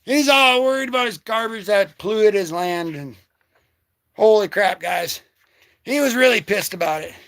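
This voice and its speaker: An excitable man hosting a casual comic book vlog, joking and slangy as he talks through his comics. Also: sits high, moderate pace, no echo, studio quality. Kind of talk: casual livestream commentary.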